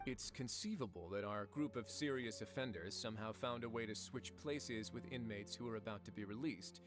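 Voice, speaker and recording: An actor playing a calm, authoritative male warden who talks in a measured, dry way, from a video game. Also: fairly low pitch, over music, natural voice. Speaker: prison warden.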